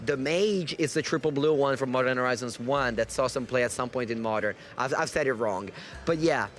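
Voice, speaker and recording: A man giving lively, analytical live commentary on a card game match, correcting himself as he goes. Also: mid-range voice, a little fast. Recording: faint background noise.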